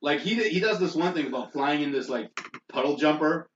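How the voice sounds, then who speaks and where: High-voiced man, distant and echoey. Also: a little fast, lo-fi sound, a little hiss or hum. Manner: laughing through his own story. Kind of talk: casual comedy podcast chat.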